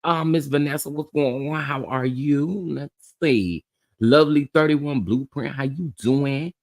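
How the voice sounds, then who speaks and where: A man hosts a casual live stream, greeting viewers by name and laughing as he goes. His voice sits at an ordinary mid pitch, and his manner is sassy and animated. The sound is dry and close, with no room around it. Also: unhurried, dry recording. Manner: sassy and chatty, calls people honey, child, baby. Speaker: livestream host.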